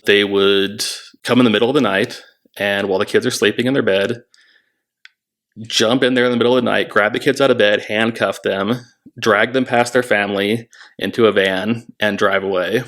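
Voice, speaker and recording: A man who worked at a treatment center tells a story candidly, in a halting, reflective way with many restarts. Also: on the low side, gravelly, a bit bright. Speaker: former treatment center staff member.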